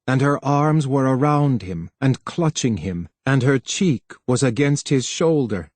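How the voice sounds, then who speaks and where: Steady male audiobook narrator. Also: medium pitch, no room sound. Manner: steady, measured reading. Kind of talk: scripted narration.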